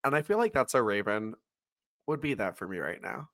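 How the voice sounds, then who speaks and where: A podcast co-host recaps wrestling in casual conversation, telling animated stories and acting out quotes. He speaks fairly quickly in a fairly low pitch.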